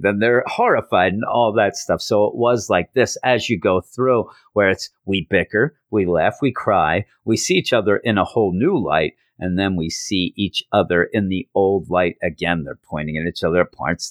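A man's voice: deep voice, no room sound, clean studio sound. A man hosting a comic book podcast, recapping animatedly and acting out characters. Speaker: podcast host.

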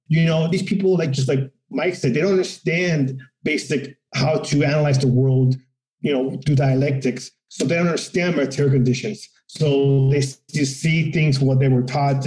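A man talking in a casual, profane political discussion, animated and acting out quotes of other people. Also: mid-range voice, reverberant, low-quality recording.

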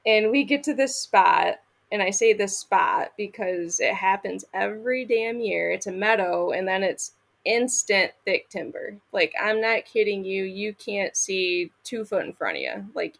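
A woman from Michigan tells a story as a podcast guest, casual and blunt, with frequent swearing. Her voice has a gravelly fry, and she acts out the lines people said. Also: medium pitch, fairly bright tone.

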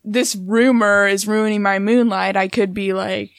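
A young woman co-hosts a casual podcast, offering matter-of-fact readings of song lyrics with a teasing edge. Her voice is mid-pitched and recorded dry and close, with no room sound. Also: fairly even intonation, unhurried, smooth, no room sound. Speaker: podcast co-host.

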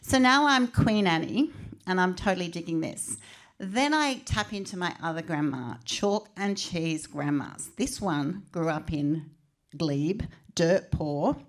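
A middle-aged woman with an Australian accent, telling personal stories in an animated, chatty way at a book launch. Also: lowish voice, a little slow. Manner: animated, chatty storyteller who acts out quotes. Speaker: author speaking at a book launch. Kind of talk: personal storytelling speech.

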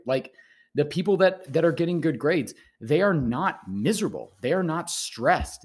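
A man's voice: fairly high pitch, breathy edge. A man, a teacher who hosts a podcast, giving casual rambling advice to students and often repeating his words.

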